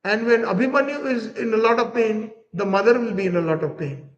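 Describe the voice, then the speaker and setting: Vengeful male snake spirit from a devotional tale, unhurried, high voice, done by a male preacher. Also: in a large hall, lo-fi sound, lightly acted. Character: vengeful male poisonous snake sent from his master.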